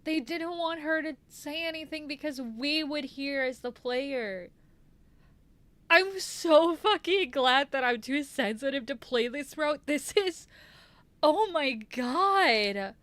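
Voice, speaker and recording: A woman streamer reacting live to a game, swearing and exclaiming loudly. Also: sits high, expressive, slow pace, no room sound.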